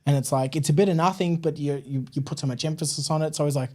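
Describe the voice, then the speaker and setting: An Australian man telling his story as a podcast guest, chatty and relaxed, with plenty of "like" and "man" in his talk. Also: fairly high pitch, fast talker. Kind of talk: casual interview storytelling.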